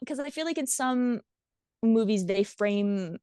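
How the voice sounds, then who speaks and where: A woman co-hosting a casual podcast chat, telling film scenes with lively enthusiasm and frequent laughter. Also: fairly high pitch, measured pace, clear, resonant tone, no room sound, clean studio sound. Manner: lively storyteller, laughs often.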